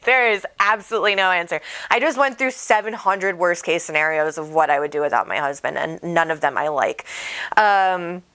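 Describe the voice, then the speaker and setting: A woman's voice: lowish voice, normal speed, bright, forceful tone, clear, resonant tone. A woman hosting a casual home livestream on a desk microphone, chatty and bubbly, reading out viewers' comments. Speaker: psychic medium host.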